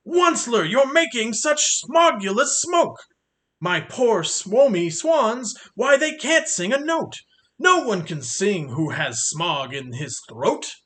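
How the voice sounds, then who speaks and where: Storybook creature, small, male, cross and scolding, put on by a male reader, high and bright. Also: very animated, slow pace, heavily acted.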